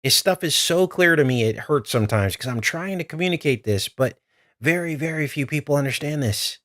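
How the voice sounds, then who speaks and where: A man's voice: on the high side, expressive, fairly quick, a bit bright, no echo, clean studio sound. Earnest man hosting a live stream. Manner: urgent, earnest, talks straight to viewers. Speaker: livestream host.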